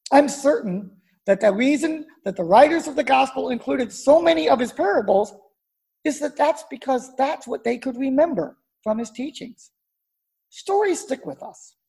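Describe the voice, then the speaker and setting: A woman pastor preaching a sermon, telling stories at a measured pace and dropping low and soft to make a point. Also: creaky.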